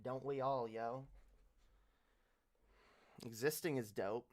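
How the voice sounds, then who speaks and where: A man hosts a laid-back livestream, his speech slow and drawn out, in a voice pitched squarely in the middle. He talks in a loose, profane, slang-heavy way, tossing out "yo" constantly and joking to himself. He speaks into a new desk mic with a pop filter. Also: fairly even intonation. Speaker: livestream host. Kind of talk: casual livestream chat.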